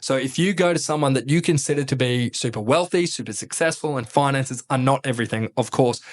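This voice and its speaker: An Australian man, a former army officer, telling stories as a podcast guest in a blunt, casual way and swearing freely. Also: fairly high pitch. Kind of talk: casual conversational storytelling.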